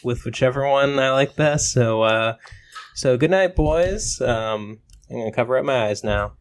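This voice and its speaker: A man's voice: mid-range voice, moderate pace. A man co-hosting a comedy podcast with dry, mock-offended humor. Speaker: podcast co-host. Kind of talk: casual comedic banter.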